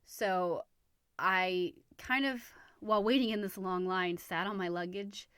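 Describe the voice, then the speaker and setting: A woman's voice: mid-range voice, a little slow, smooth, dry recording. Chatty woman host, dry close sound. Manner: chatty, animated, many fillers and restarts. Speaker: podcast host. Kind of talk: casual storytelling.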